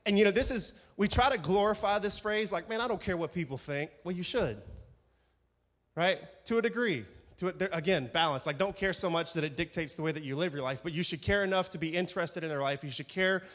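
Male pastor, fairly high voice, chatty, lively sermon style, long church reverb. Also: a little fast. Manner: conversational, energetic, asks the congregation "right?".

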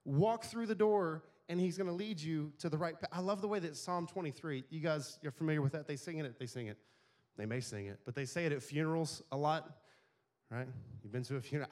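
A middle-aged male pastor preaching a sermon in a conversational way, often asking the congregation questions. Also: sits high.

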